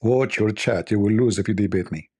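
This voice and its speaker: Male stream host, low husky voice, playful ribbing of chat. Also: a little fast, warm tone. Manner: teasing, joking, mock-offended banter. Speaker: livestream host. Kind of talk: casual livestream chat with viewers.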